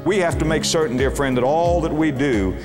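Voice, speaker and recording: A pastor preaching a sermon with emphasis, reading scripture slowly and stretching his words. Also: fairly high pitch, music in the background. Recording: echoey hall with long reverb.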